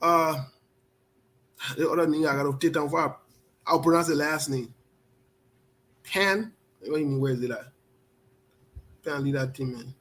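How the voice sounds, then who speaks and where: A fairly high-voiced man hosts a casual online talk show. He greets viewers by name and switches into animated, scolding local speech. His delivery is lively and direct. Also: moderate pace, long pauses. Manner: animated, scolding, switches to spoken Liberian English.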